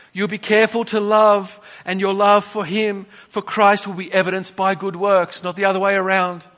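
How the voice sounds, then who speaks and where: A man preaching a sermon, swinging between soft, drawn-out phrases and emphatic bursts. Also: high-pitched.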